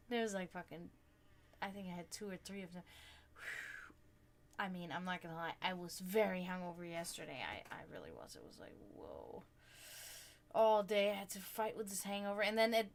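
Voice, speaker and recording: A woman hosting a livestream, chatting casually with her viewers and telling stories in an animated, profane way. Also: mid-range voice. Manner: chatty, swearing freely, animated storytelling. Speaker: livestream host. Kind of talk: casual chat with stream viewers.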